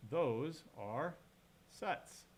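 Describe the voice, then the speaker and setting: A man's voice: fairly high pitch, lively intonation, extremely slow. A man lecturing on programming while he codes, thinking aloud, correcting himself and asking the class questions. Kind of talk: live-coding lecture.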